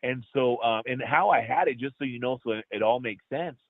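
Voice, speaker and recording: A man, an actor guest on an interview show, telling a deeply personal story in an earnest, heartfelt way and calling the host brother. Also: a little fast, no echo. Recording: tinny phone-like line.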